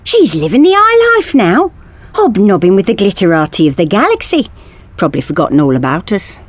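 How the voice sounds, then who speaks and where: A woman's voice: mid-range voice, huge pitch swings, brisk, pitched above the performer's own voice. A woman voicing a blunt, practical male factory worker who talks to his friend in a chummy, exasperated way.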